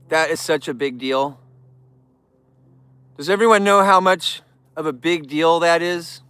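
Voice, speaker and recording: Guy livestreaming with bears, chatty and emotional, bright high voice. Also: normal speed, smooth, no echo. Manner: chatty and emotional, greeting viewers and animals by name. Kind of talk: casual livestream chat to viewers.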